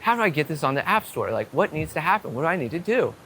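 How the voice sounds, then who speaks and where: Excitable swearing man vlogging outdoors, bright voice. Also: on the high side, fast, slight background noise. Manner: excitable, swearing storyteller with many "I'm like" quotes. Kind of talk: casual talk to camera. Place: outdoors on a city street.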